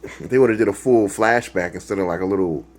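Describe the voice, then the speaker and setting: A man's voice: lowish voice, fast, darkish tone. A man hosting a reaction video, talking in a rambling, casual way with lots of fillers and restarts and laughing at his own jokes.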